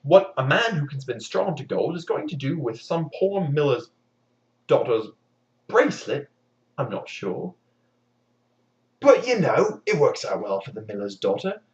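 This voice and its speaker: A man's voice: mid-range voice, sing-song, measured pace, pauses often, darkish tone, recorded from a distance. A man retelling a fairy tale for comedy, full of wry, sarcastic asides. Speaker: storyteller. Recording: dull lo-fi recording.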